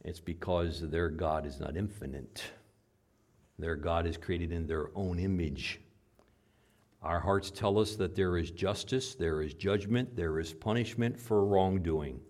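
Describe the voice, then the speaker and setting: A male pastor preaching a sermon to his congregation. He swings from hushed asides to loud, emphatic peaks. He drives his points home by repeating short phrases. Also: deep voice, unhurried.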